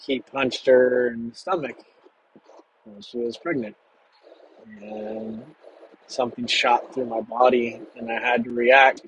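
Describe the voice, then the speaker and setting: A man telling a personal story from his past in a halting, measured way with long pauses. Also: medium pitch, steady tone, highs cut off, noisy background.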